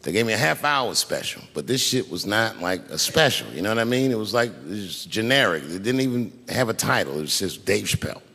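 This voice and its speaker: A middle-aged man telling a long stand-up story on stage, profane and animated, acting out the people in it. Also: lowish voice, fairly quick, vocal fry, few pauses, husky. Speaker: stand-up comedian. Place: large venue on stage. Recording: live stage recording with long hall reverb.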